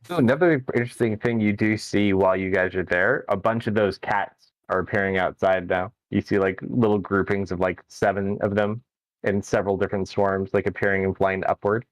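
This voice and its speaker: A man narrating as game master in a tabletop game, relaxed and halting, with frequent fillers. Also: on the low side, dry recording, rough recording.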